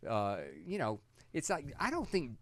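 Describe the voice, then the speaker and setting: A man co-hosting a talk show in casual chat, rambling and halting, with some profanity. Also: a little high, wildly swooping pitch, a bit bright, a little hiss or hum.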